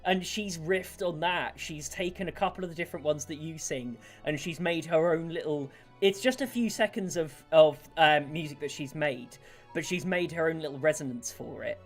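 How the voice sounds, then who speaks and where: A woman game master narrates a tabletop scene in a lowish voice, lively and full of fillers. Soft music runs faintly behind her. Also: moderate pace.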